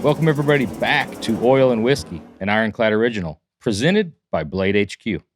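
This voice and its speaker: A man's voice: on the low side, expressive, fairly quick, faint music behind. A man hosting a casual podcast, reading ad copy with punch and joking with his co-hosts. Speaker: podcast host.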